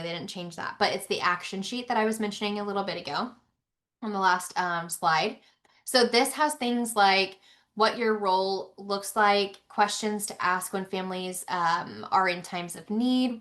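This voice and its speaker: A woman's voice: medium pitch, fairly bright tone. Woman trainer leading a live webinar lecture: conversational and loose, plenty of fillers and restarts. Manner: chatty, many ums and restarts.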